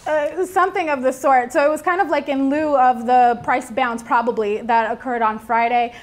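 A woman's voice: sits high, steady tone, normal speed. A young woman from New York co-hosting a casual news show, chatty and reading out comments. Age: young adult. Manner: chatty, reads out comments with filler ums. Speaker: news co-host.

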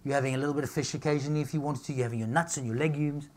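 A man's voice: a little high, steady tone, racing, darkish tone. A middle-aged man holds forth at a live seminar. He talks in brash, punchy bursts, cracks jokes, and keeps asking his audience "all right?" before moving on. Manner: brash, punchy, jokey, asks "all right?" and "okay?" often. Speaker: nutritionist giving a talk.

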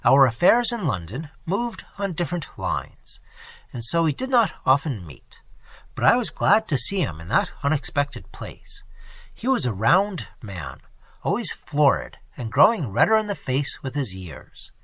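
Expressive, bright-toned male story narrator. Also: medium pitch, measured pace, breathy edge, no room sound. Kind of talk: audiobook reading of a classic story.

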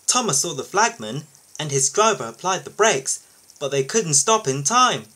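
Guy reading a kids' storybook aloud, animated, bright kinda breathy voice. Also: on the high side, moderate pace, rough recording. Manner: lively, expressive read-aloud. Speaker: YouTube storybook reader.

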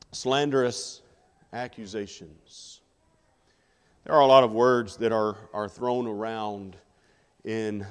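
A man's voice: mid-range voice, clear, resonant tone. Male preacher, sermon, conversational, rhetorical questions, mid-range voice, long reverb of a church hall. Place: church sanctuary.

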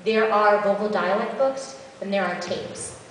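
A woman's voice: medium pitch, steady tone, measured pace, slight background noise. A woman voice actor answering audience questions on a convention panel, chatty and practical. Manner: chatty, practical advice with asides. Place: large convention hall. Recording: echoey hall, far from mic.

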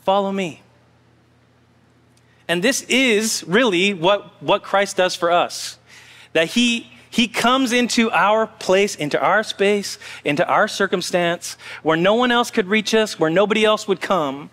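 High-voiced preacher in a reverberant church. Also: male voice, measured pace, fairly bright tone. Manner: conversational, story-telling preaching with audience asides. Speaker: pastor. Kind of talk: sermon. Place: church sanctuary. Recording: long church hall reverb.

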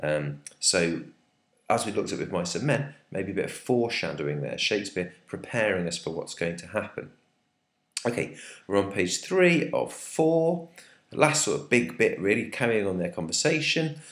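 A male teacher talks through a play in a chatty way, full of ums and questions to the class. His voice is deep and low. The sound is roomy, with a noticeable echo. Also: very animated, moderate pace, fairly bright tone. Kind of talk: literature lesson talkthrough. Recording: echoey room.

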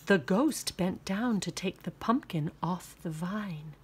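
Slow, sing-song woman reading a children's book. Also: on the low side, a little hiss or hum. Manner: expressive, sing-song narration. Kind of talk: storybook read-aloud.

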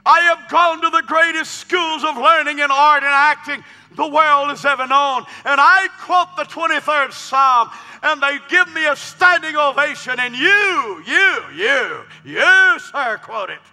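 A man's voice: very high voice, measured pace, pushed and bright, voice pushed up, exaggerated voice. A preacher voicing a haughty male stage actor in a sermon story, condescending and then baffled. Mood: bewildered. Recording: long hall reverb with faint music.

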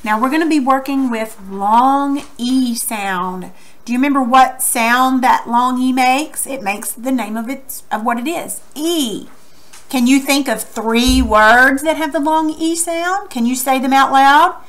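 A woman's voice: high-pitched, a bit bright. A woman teacher giving a recorded lesson to children, asking questions and drawing out words syllable by syllable in an encouraging way. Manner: slow, exaggerated syllable clapping; encouraging, asks students questions.

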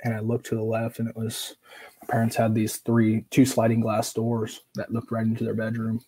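This Oregon man, a podcast guest, tells a painful personal story at a moderate pace, his husky, faintly breathy voice holding a level, even pitch. Earnest and emotionally open, he leans on fillers and performs other people's lines as he chats. The audio quality is poor.

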